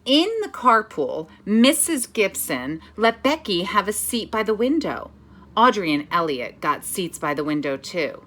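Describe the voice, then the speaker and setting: In a mid-range voice and at a measured pace, a female music teacher reads a picture book aloud for children. She chants words in a steady rhythm and offers patient instructions step by step.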